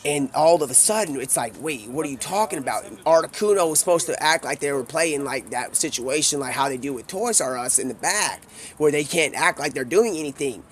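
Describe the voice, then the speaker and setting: A young man, a streamer, telling a rambling improvised story and quickly shifting his voice for the characters he quotes. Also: a little high, expressive, a little hiss or hum.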